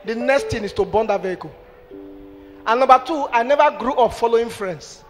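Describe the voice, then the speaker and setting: A man preaching a deliverance sermon, animated, slipping into pidgin, shouting and half-singing his lines. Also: very high-pitched, a little fast. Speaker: pastor. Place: large church hall. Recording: church hall with reverb, music behind.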